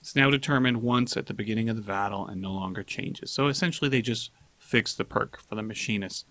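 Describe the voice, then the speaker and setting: A man's voice: lowish voice, a little fast, hardly any pauses, a bit bright, dry recording. Chatty male gaming host, dry sound. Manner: chatty, joking, reads patch notes aloud. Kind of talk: casual gaming news commentary.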